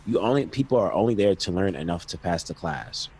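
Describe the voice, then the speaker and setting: A man's voice: lowish voice, lively intonation, a little fast, creaky, a little mellow, husky, low-quality recording. A man co-hosting a podcast in casual chat, rambling with many restarts. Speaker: podcast co-host.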